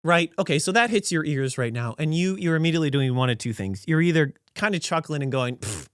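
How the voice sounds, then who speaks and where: A man hosting a podcast who tells a story in a casual, animated, rambling way and often corrects himself mid-sentence. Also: fairly high pitch, quick pace, clear, resonant tone, no echo, clean studio sound. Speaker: podcast host.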